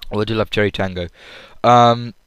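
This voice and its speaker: A man's voice: on the low side, fairly even intonation, brisk, a bit bright, smooth, dry recording. A young man from England, rambling casually in an audio log about a comedy show, full of fillers and restarts. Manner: chatty, lots of fillers and restarts. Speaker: vlogger.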